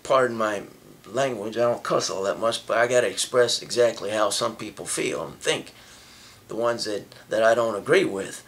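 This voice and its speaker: A man's voice: on the low side, normal speed, a bit bright. A man vlogging a casual story, rambling, with many restarts and repeated phrases.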